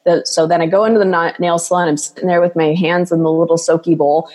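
A woman's voice: lowish voice, flat delivery, fast, darkish tone, in a large hall. A woman coach speaking as a guest in an interview, talking in an earnest, flowing way and acting out quoted voices. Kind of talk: casual interview talk.

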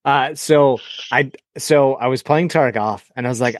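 A man's voice: medium pitch, moderate pace, few pauses, no echo, clean studio sound. A man who is a guest on a podcast, talking in blunt, casual chat and swearing often while he rants. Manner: blunt, swears a lot, ranting.

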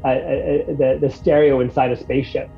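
A man talking loosely about a piece of music, wandering from thought to thought and voicing his reactions as he goes. His pitch sits in the middle, and the sound is a little dull, with faint music underneath. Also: brisk, gravelly. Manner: rambling and animated, restarts, acts out his reactions. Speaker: guest reviewing a music track. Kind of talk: casual chat.

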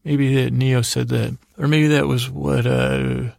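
A man with a heavily gravelly, fry-laden voice and a flat, even delivery rambles through a bedtime recap. He meanders, stalls and restarts often. The sound is close and very dry. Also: medium pitch, dry recording. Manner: meandering, halting retelling with many restarts. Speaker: sleep podcast host.

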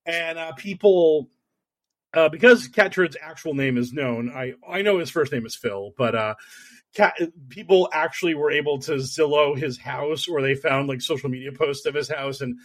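A man's voice: fairly high pitch, moderate pace, no room sound. Rambling man in casual chat. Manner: rambling, loose storytelling with many fillers. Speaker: podcast co-host.

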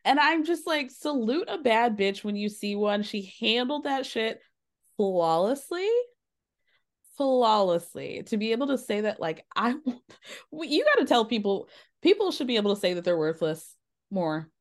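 A woman's voice: on the high side, moderate pace. A woman hosting a podcast, recapping a reality show in casual chat, acting out quotes with lots of swearing. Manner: animated, swearing, acts out quotes. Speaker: podcast host.

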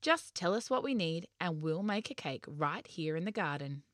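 A woman's voice: lowish voice, expressive, moderate pace, fairly bright tone, dry recording, studio quality. A woman voicing a playful, curious young boy in a storybook reading.

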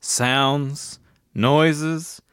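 A man's voice: fairly high pitch, fairly even intonation, very slow, a bit bright, clean tone, no room sound, clean studio sound. A man putting on a drawling old-country cab driver. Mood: ominous. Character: gruff male English cab driver, wary.

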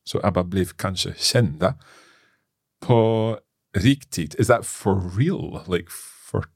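Male learner-host, gravelly low voice, halting, thinks aloud. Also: expressive, no echo, studio quality. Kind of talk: casual language lesson.

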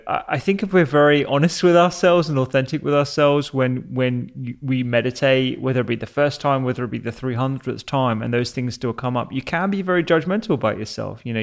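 A man hosting a podcast, affirming his guest and reflecting on what was said in a casual, conversational way. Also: medium pitch. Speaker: podcast host. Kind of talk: casual interview chat.

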